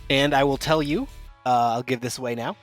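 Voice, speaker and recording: A man acting as game master, explaining the rules in a relaxed, rambling way. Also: mid-range voice, brisk, soft background music. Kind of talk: narrating a tabletop game.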